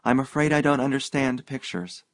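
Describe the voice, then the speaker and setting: A man's voice: mid-range voice, expressive, normal speed, no echo, voice pushed up, close to an everyday voice. A shy and troubled young woman with a raised, lighter voice, hesitant and earnest, her words faltering, as a male audiobook reader plays her. The recording is dry and close. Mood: unsure. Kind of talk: audiobook reading.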